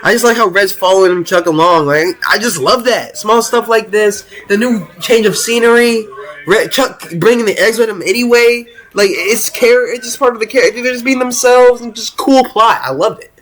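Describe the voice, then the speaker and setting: A young man giving casual tier-list commentary as host, excited and rambling, with many restarts and slang. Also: high voice, moderate pace. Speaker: video host ranking cartoon episodes.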